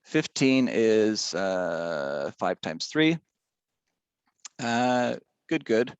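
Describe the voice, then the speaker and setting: Laid back math teacher guy, lowish voice, dry close sound, rambles a lot. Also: very animated, drawn-out words, clean tone, dry recording, highs cut off. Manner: chatty, rambling, with side stories. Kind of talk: casual recorded math lesson.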